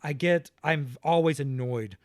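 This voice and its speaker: A man from the American South with a Southern accent, a podcast guest talking politics in animated bursts. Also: fairly high pitch, measured pace, dry recording, studio quality. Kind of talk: casual political chat.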